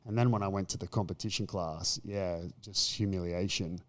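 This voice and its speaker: Australian man telling stories, low voice. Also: moderate pace. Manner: animated storytelling, acts out quotes. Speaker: podcast guest. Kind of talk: casual chat.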